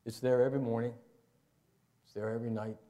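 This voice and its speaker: A man's voice: little pitch movement, fast, warm tone, highs cut off. An older man preaching a sermon to his congregation in a folksy, conversational way. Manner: conversational, folksy, jumps into high playful voices for asides. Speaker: pastor. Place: church sanctuary.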